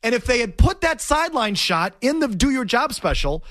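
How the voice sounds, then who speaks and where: Emphatic, animated man arguing a point. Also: very high-pitched, normal speed, no room sound, studio quality. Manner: emphatic, repetitive, argumentative. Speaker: sports talk host. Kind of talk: opinionated sports talk.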